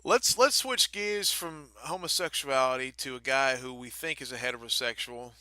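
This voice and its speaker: Bright-voiced joking man. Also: mid-range voice, moderate pace, smooth, dry recording. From Baltimore. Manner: joking, animated, teasing. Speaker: podcast co-host, wrestler. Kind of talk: casual podcast banter.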